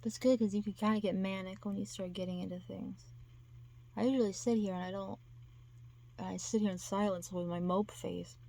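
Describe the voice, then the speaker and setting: A woman's voice: medium pitch, steady tone, moderate pace, gravelly, dark tone. A woman vlogger chatting casually to her camera, rambling and self-deprecating with lots of restarts.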